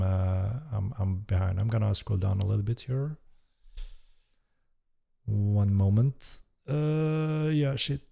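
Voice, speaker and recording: Gravelly low-voiced man streaming casually. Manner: relaxed, hesitant with fillers, swears casually. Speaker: game developer streamer hosting Q&A. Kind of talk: casual live-stream Q&A, reading chat.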